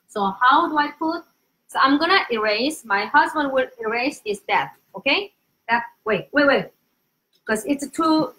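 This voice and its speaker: In an unhurried, high voice, a young woman with a Korean accent runs a casual Korean lesson over a live stream. She's a language teacher, animated, and has viewers repeat each word again and again to get the pronunciation right.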